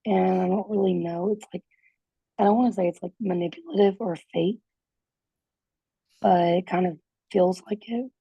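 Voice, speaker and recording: A woman's voice: lowish voice, fairly even intonation, normal speed, pauses often, warm tone, husky, no room sound. A mother in a parenting group, telling her story on a call in a hesitant, rambling way full of fillers. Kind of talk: casual account on a group call. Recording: dull, dry lo-fi call audio.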